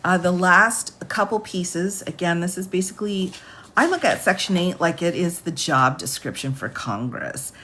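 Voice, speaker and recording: A woman lawyer talks through the law on a phone livestream in a loose, chatty style. Her voice sits fairly low. She often breaks into laughter while reading passages aloud. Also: expressive, normal speed, bright, forceful tone, slight background noise. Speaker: attorney explaining law. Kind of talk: livestream legal explainer.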